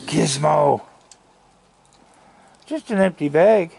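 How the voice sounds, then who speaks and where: A man with a gravelly, creaky voice speaks slowly and fondly while handing out food outdoors. His pitch sits a little high for a man, and he talks to the animals as if they were old friends. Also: a little mellow. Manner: slow, gravelly, chatting fondly to raccoons. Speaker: raccoon feeder filming his yard. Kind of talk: casual talk to animals. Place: outdoors at a house deck.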